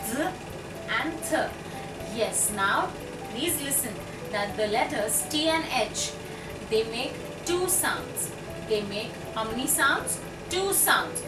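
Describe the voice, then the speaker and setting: A woman teaching phonics to young children, sounding out letters one by one with careful, exaggerated enunciation. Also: on the high side. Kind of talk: slow, clear classroom teaching for young children. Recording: echoey room, voice a bit distant from mic, audible background noise.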